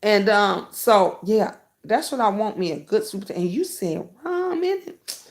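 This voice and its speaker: A middle-aged woman hosting a casual live stream, chatting with viewers by name and breaking into high, excited bursts. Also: moderate pace. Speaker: livestream host.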